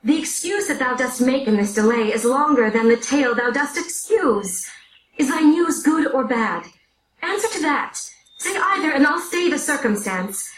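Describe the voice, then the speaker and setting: A woman reads the part of an eager young girl in love who begs impatiently for news, in a high voice. It is a classroom play reading, heard from far off in an echoing room with faint noise. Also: animated, moderate pace. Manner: eager, pleading. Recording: roomy, picked up from far off.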